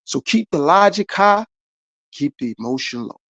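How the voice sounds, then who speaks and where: Male podcast host, gravelly, fairly high pitch, motivational monologue. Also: expressive, normal speed, pushed and bright, no room sound, muffled recording. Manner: preachy, repetitive, talks straight to viewers.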